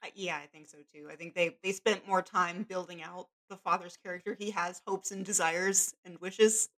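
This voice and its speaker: A woman's voice: fairly low pitch, steady tone, moderate pace, a bit bright. A woman guest on a podcast, chatting casually about a film with wry humor and frequent laughter. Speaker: guest author.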